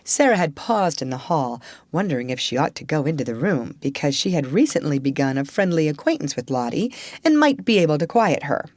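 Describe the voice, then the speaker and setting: A woman narrating a children's classic in a low-pitched voice that moves freely up and down as she tells the story. The reading is expressive and storybook-like, recorded dry and close with no room sound. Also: fairly quick, no room sound. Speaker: audiobook reader.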